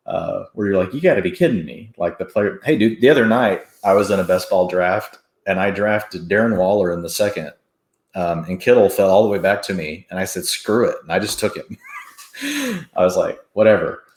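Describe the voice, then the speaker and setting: A very deep-voiced man chatting casually as a podcast co-host, animated and quick to chuckle. He often restarts his sentences, and the sound is echoey, as if recorded in a bare room. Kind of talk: casual fantasy football chat.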